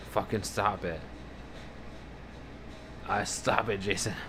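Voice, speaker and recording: A man's voice: on the low side, normal speed, background noise. A man livestreaming casually, rambling and swearing as he reads out viewer messages. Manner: rambling, profane, animated about fears. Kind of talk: casual live-stream chat, reading out viewer messages.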